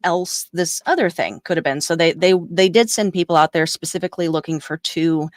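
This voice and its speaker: A woman co-hosting a podcast, retelling a story in a rambling, animated way with fillers. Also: fairly low pitch, fairly quick, no room sound, studio quality. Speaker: podcast co-host. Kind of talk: casual storytelling chat.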